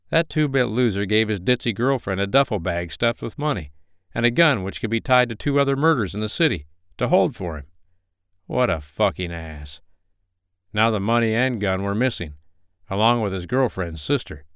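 A man narrating a romance novel as an audiobook in a steady, even reading voice, close to the mic. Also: fairly low pitch, brisk, smooth, dry recording. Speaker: audiobook reader.

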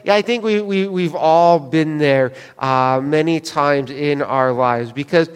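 A man's voice: a little high, measured pace, clean tone, in a large hall. A man preaching a sermon as pastor, chatty and joking with the congregation, walking around with a wireless mic. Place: church sanctuary. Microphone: wireless mic, moving around.

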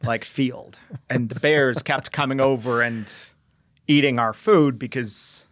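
A young man who is a veteran entrepreneur tells a story as a guest in a casual interview, animatedly acting out bits of radio dialogue. His voice is medium-pitched and unhurried.

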